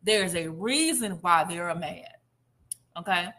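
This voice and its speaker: A woman's voice: fairly low pitch, expressive, measured pace, bright, forceful tone. A woman giving a casual, chatty commentary monologue, telling a story animatedly and acting out quotes.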